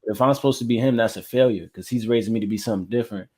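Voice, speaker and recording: A man from Florida, a music artist interviewed as a guest, telling his own story in a reflective, measured and candid way. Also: mid-range voice, dark tone, slightly rough.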